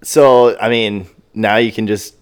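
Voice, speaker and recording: A man hosting a podcast, chatting casually and reacting to his guest with drawn-out comments and laughter. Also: on the low side, steady tone, clear, resonant tone. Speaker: podcast host. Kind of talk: casual chat.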